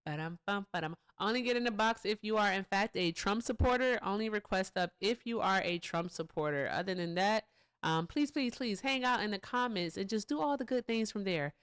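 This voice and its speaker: A woman's voice: mid-range voice, fairly quick, a bit bright, clean tone. A woman hosting a casual livestream, playful and teasing, laughing often as she quizzes callers. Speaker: livestream host.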